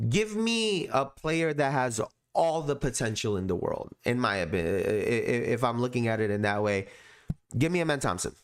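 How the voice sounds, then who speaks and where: A man hosts a casual basketball talk for a live audience. His speech is slangy and easygoing, with lots of laughter. His pitch swings widely from low mutters to high bursts. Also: big pitch swings, moderate pace, clean tone. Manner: laid-back and slangy, laughs often. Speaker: podcast host.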